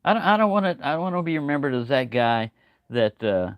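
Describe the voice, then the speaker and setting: A man's voice: mid-range voice, big pitch swings, fast talker, clear, resonant tone, dry recording. An older man rambling casually on a livestream, folksy and chatty, greeting viewers by name. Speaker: livestream host. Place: home, early morning.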